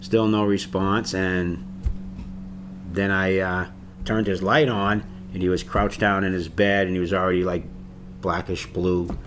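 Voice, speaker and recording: A middle-aged man with a somewhat low voice recalls a painful morning in an interview. He talks haltingly, restarting and repeating words in plain, casual phrasing. A faint hiss sits under the recording. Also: level tone, fairly bright tone. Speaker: bereaved father. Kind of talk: interview recollection.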